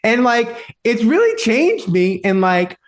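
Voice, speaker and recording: Animated, rambling male podcast host. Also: very high-pitched, takes it slowly. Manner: rambling, filler-heavy, animated storytelling. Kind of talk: casual sports chat.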